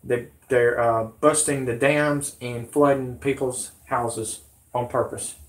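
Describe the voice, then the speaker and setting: A man's voice: mid-range voice, steady tone, slow. A man hosting a vlog, ranting in a rambling, indignant way and swearing. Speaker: vlog host.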